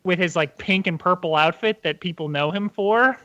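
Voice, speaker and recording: A man's voice: high voice, moderate pace, sharp tone, dull audio. A man casually chatting on a podcast, rambling with lots of fillers. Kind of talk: casual chat.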